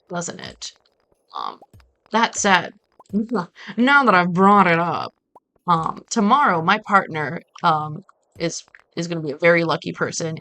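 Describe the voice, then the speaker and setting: A woman's voice: lowish voice, fairly bright tone. A woman from Brazil streaming a farming game, talking in a chatty, rambling way with casual swearing. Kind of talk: casual gaming stream commentary.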